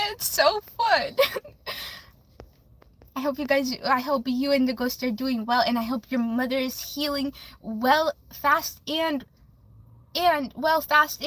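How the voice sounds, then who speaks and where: A bubbly young woman chats with her livestream viewers and reads tarot cards for them, giggling often. Her voice sits high, with a bright, sharp edge. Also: poor audio. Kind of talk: casual livestream chat.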